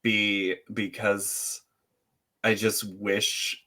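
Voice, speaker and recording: A man co-hosting a podcast in relaxed casual chat, rambling with plenty of filler words. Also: lowish voice, drawn-out words. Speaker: podcast co-host.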